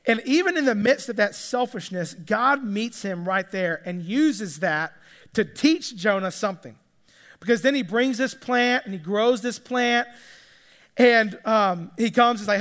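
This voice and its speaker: A man with a very high voice preaches in an easy, chatty way, stumbling and repeating words as he goes. The sound carries a long hall reverb. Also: animated, measured pace, fairly bright tone. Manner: conversational, repeats words when restarting. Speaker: pastor. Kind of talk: sermon.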